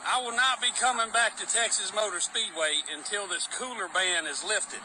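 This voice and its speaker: A man ranting loudly and angrily outdoors, swearing as he complains, recorded on a phone video. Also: sits high, normal speed, slight background noise, low-quality recording. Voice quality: loud, angry, profane. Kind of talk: angry outdoor rant. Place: outdoors at a racetrack.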